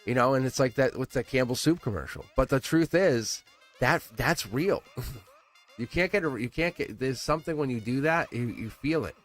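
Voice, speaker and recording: A man at a medium pitch hosts a live tarot reading, talking to his viewers in a loose, chatty way. He laughs often and swings from bursts of excitement down to a low murmur. Faint music plays behind him. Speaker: tarot reader.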